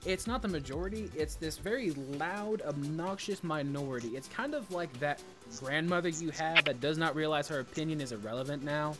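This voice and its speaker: Rambling, blunt man with a slightly high voice. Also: fairly quick, few pauses, over loud music. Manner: rambling, restarts often, blunt and profane. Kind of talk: casual chat about gaming.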